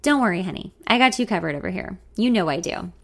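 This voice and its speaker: A woman's voice: on the low side, lively intonation, fast, fairly bright tone. A woman doing a flirty drawling southern man. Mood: reassuring. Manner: coaxing, drawling.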